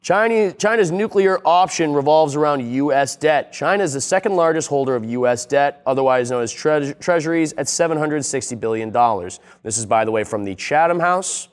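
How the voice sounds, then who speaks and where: A man's voice: a little high, lively intonation, brisk, hardly any pauses, smooth. Profane, rambling man hosting a video essay. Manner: profane, rambling, sarcastic storyteller. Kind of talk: casual comedic video essay.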